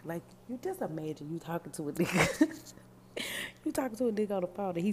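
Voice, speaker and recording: A woman hosting a podcast, giving sassy, animated, profane commentary on song lyrics. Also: on the low side, fast talker, slight background noise. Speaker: podcast host.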